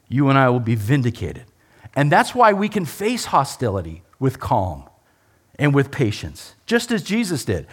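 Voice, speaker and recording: Pastor guy preaching, bit high voice, really animated, lots of "right?" questions. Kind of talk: sermon.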